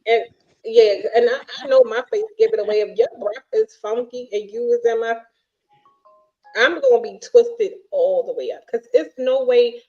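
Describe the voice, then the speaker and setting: A woman's voice: on the high side, expressive, normal speed, a little mellow, highs cut off, soft background music. A woman co-hosting a casual chat podcast, ranting bluntly and often restarting her sentences. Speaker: podcast co-host.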